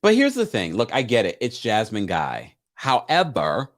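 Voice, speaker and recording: A man hosts a live recap stream in a loose, casual way, reading out viewer comments and reacting with laughs. His voice is mid-pitched and very animated, swinging up and down as he talks. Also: normal speed. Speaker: live recap show host.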